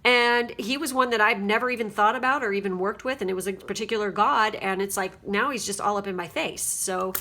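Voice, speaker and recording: A woman's voice: mid-range voice, fairly quick, hardly any pauses, sharp tone. A woman giving a casual spiritual card reading at home, rambling and chatty and often checking in with her listeners. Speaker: tarot card reader.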